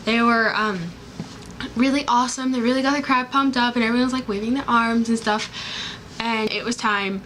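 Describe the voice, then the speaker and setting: A woman's voice: on the high side, steady tone, normal speed, fairly bright tone, slight background noise, low-quality recording. Bubbly young woman rambling about a concert. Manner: bubbly, rambling, filler-heavy. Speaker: vlogger. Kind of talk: casual chatty vlog.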